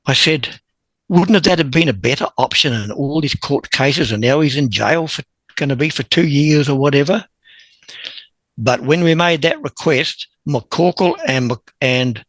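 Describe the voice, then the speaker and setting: A man, a podcast guest telling a long story in a lively, chuckling way. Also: a little high, measured pace, dry recording, poor audio. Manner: animated anecdote-teller who chuckles and clears his throat. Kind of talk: conversational storytelling.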